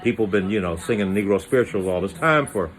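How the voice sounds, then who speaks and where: Brief: male storyteller, loose slangy comic monologue, voice leaps up for quoted bits. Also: quick pace. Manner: animated, slangy, acts out voices with pitch jumps.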